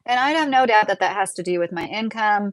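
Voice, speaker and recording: A woman's voice: medium pitch, animated, brisk, dry recording. A woman hosting a podcast, chatting casually and rambling with lots of filler words. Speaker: podcast host. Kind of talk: casual personal chat.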